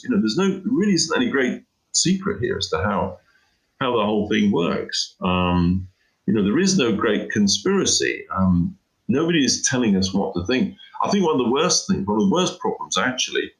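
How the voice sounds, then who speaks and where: Middle aged guy in an interview, deep voice, goes on emphatically with lots of you knows. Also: sing-song, moderate pace, rough recording. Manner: emphatic, rambling, frequent "you know". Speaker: interview guest, journalist. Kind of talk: casual interview chat.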